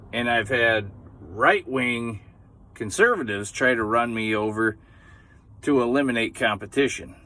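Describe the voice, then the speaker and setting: A middle-aged man performs a stand-up comedy set, his voice bright and forceful. He rambles through self-deprecating stories, padding them with fillers and asides. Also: medium pitch.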